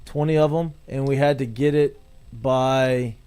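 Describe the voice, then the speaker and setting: A man who played baseball, recalling conditioning drills in a halting, easygoing way during casual podcast chat. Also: medium pitch, fairly even intonation, mellow, clean tone.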